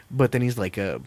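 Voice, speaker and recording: A man co-hosting a casual podcast chat, rambling and excitable, crude and quick to laugh. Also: mid-range voice. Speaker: podcast co-host.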